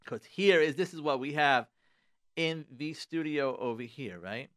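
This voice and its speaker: Speaking from a studio, a radio host gives relationship advice with emphasis, repeating his key phrases and weaving Hebrew prayer words into his English. His voice is on the high side, a bit bright, at a measured pace.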